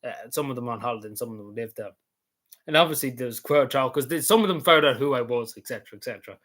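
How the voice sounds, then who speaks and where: A man with a Cavan Irish accent narrates his travel photos in a loose, rambling vlog. His voice is hoarse and sits at an ordinary middle pitch. He circles back on his points and drops in the odd swear word. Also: fast, fairly bright tone. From Ireland. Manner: rambling, repetitive, swears casually. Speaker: vlogger.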